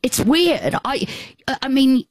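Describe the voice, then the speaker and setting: A woman in her fifties, a guest telling a personal story in casual, halting, reflective chat. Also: sits high, animated, no echo.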